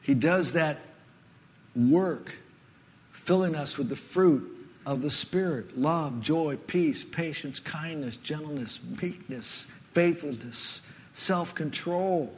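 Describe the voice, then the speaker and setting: A man preaching a sermon, earnest, often letting his voice sink to a hush before rising again. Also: fairly high pitch, slow. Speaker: pastor. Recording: long hall reverb.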